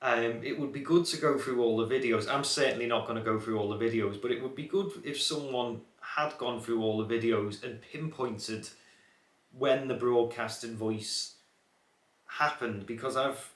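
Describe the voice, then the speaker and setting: A man's voice: medium pitch, moderate pace, fairly bright tone. A young man with a watered-down Scouse accent, chatting casually to camera as a car channel host, rambling with many fillers and restarts. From Liverpool area, England. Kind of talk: casual reflective chat to camera. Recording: echoey room.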